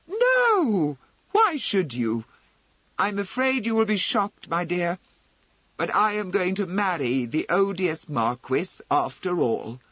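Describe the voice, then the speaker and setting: A man voicing a proud, spirited young noblewoman who talks in a lively, teasing and emphatic way. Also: sits high, unhurried, no echo, muffled recording, voice pushed up, full character voice.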